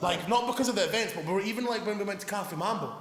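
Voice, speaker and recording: A Scottish man with a high, bright, forceful voice, chatting loosely as a podcast host. He curses freely and laughs through his anecdotes. The recording has a roomy, echoing sound with a long reverb tail. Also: rapid-fire. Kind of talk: casual chat.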